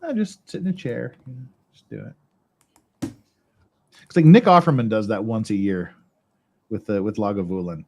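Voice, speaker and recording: A man's voice: fairly low pitch, animated, normal speed, pauses often, darkish tone. A man streaming casually as he builds Lego, rambling, joking and swearing to himself. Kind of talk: casual live-stream chat.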